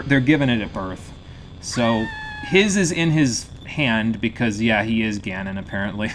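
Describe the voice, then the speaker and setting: A man's voice: mid-range voice, a bit bright, slight background noise. Joking male game streamer, laughing often. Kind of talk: live gameplay commentary. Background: faint game music.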